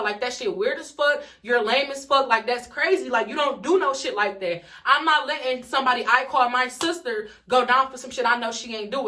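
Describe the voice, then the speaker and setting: Bright, animated young woman telling a story. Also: far from the mic. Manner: animated, profane, swings from loud outbursts to low asides. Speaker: vlogger. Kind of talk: storytime vlog.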